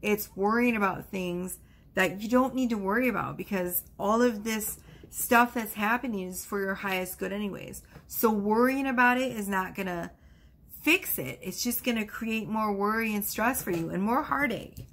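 A woman's voice: medium pitch, normal speed, fairly bright tone. A woman giving a casual tarot card reading, chatty and reassuring, with frequent exclamations. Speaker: tarot reader.

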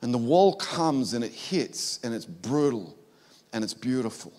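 A male pastor with an Australian accent, preaching a passionate sermon that swings between fervent lines and hushed, confessional ones. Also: mid-range voice, big pitch swings, a little slow. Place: church.

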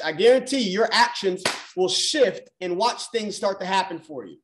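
A man's voice: sits high, lively intonation, normal speed. A man coaching on a mindset call, talking emphatically and repeating key phrases for effect. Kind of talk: motivational call talk.

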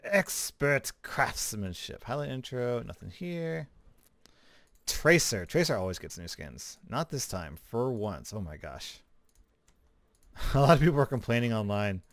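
A man's voice: medium pitch, a little slow, long pauses, dry recording. Casual male game commentator, easygoing and chatty, mid voice, dead dry close mic. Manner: relaxed, chatty, with fillers and small laughs. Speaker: gaming YouTuber. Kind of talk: casual commentary over gameplay.

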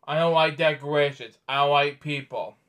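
A man's voice: fairly high pitch, fairly even intonation, moderate pace, a bit bright, lightly acted. A man doing a grumpy little tree. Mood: grumbling. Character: grumpy little Christmas-lot tree, stubborn, gloomy.

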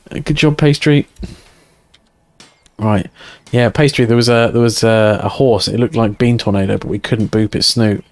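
A man's voice: lowish voice, moderate pace, no echo. A man streaming a game live, chatting casually and joking crudely while reading chat aloud.

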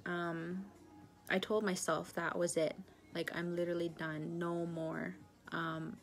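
A woman of about 30 from northern British Columbia, Canada, giving an earnest personal testimony, halting and full of pauses and fillers. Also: on the low side. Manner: earnest, confessional storytelling.

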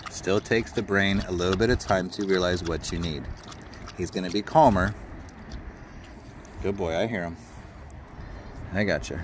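Dog trainer guy outside, lowish voice, keeps saying good boy and explaining stuff, bit of outdoor noise. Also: moderate pace, long pauses. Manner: coaxing, praising the dog often, explaining as he goes. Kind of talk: casual narration while training a dog outdoors. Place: outdoors at a park.

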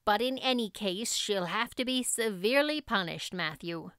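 Woman reading as a severe older spinster, firm and clipped, smooth dry voice. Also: medium pitch, lively intonation, normal speed, a bit bright, dry recording. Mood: stern.

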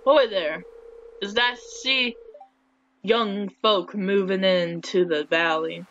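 A woman's voice: mid-range voice, steady tone, takes it slowly, fairly bright tone. A woman voicing a friendly male fisherman in a video game, making a half-hearted try at a sailor's way of talking. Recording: dull lo-fi with faint hiss.

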